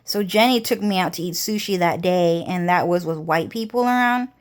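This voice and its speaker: A woman's voice: fairly low pitch, normal speed. Rambling, foul-mouthed woman vlogger. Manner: rambling, heavily profane, repetitive. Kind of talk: casual storytelling monologue.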